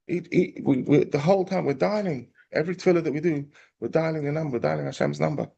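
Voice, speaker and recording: A man, a rabbi telling a parable in a lively storytelling class. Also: on the high side, fast talker, creaky, few pauses, slightly rough. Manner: animated storyteller, acting out quotes.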